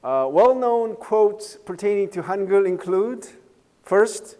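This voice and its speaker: A man's voice: high voice, expressive, slow, warm tone, big-room sound. A man giving a university lecture in a casual, jokey way, often checking with the class by asking "right?" and "okay?". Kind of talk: recorded online lecture.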